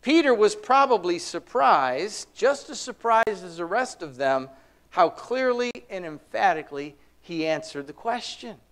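A man preaching a conversational sermon, asking the congregation rhetorical questions and slowing down to stress key words. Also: sits high, expressive. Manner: slows and drops his voice for emphasis.

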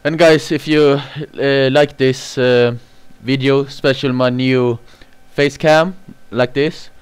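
A man's voice: mid-range voice, fairly even intonation, takes it slowly, clear, resonant tone, dry recording. A man playing a horror game for his channel, talking in simple non-native English and swearing and yelping whenever he gets scared. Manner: panicky, screams and swears when scared. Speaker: gaming YouTuber. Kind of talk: horror game let's play. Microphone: cheap mic, face cam.

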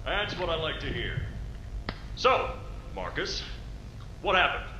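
A man's voice: fairly high pitch, sing-song, slow pace, background noise. A man playing a doubtful male boss who questions a worker in clipped questions. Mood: skeptical. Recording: echoey tape recording.

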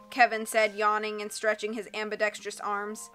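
Bright-voiced woman streamer reading aloud. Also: mid-range voice, monotone, moderate pace, hardly any pauses, clean tone. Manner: chatty, giggly, casual with viewers. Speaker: audiobook reader and live streamer. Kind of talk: live-stream chat and storybook reading. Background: faint background music.

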